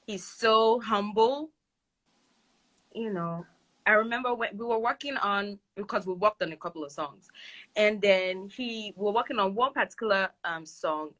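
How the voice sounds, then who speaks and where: A woman singer being interviewed, telling stories in a casual, animated way with bursts of high laughter.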